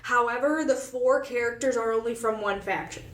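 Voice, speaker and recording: Chatty woman with a raised pitch. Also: moderate pace. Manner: enthusiastic, rambling with many "like"s. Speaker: podcast co-host. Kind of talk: casual chat. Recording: echoey room.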